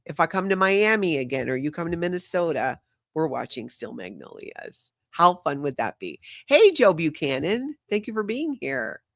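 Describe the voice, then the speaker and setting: A woman's voice: sits low, vocal fry, fairly bright tone, no echo, studio quality. Chatty older woman hosting a livestream. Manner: chatty, laughs often, reads viewer comments aloud. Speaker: livestream host. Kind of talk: casual livestream chat.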